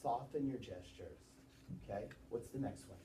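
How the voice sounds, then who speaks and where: Male teacher, animated classroom lecture, distant mic, roomy. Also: mid-range voice, a little hiss or hum. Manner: lively, quizzing students with quick questions. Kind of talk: classroom lesson on presentation gestures.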